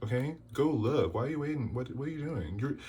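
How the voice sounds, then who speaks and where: A man's voice: medium pitch, expressive, fairly quick, mellow, slight background noise. Exasperated man scolding through a tarot reading. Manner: exasperated, scolding, rhetorical questions. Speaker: tarot reader. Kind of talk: casual tarot reading to camera.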